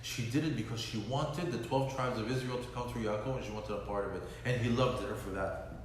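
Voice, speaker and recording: A man teaching a lunch-and-learn Torah class. He explains verses in casual English and mixes in Hebrew quotes. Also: mid-range voice. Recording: echoey hall, faint background noise.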